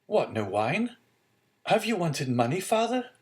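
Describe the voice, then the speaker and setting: A man's voice: sits high, big pitch swings, measured pace, voice pushed up. A man voicing an earnest young sailor of twenty, devoted to his father, reading from a storybook. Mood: anxious. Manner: earnest, pleading.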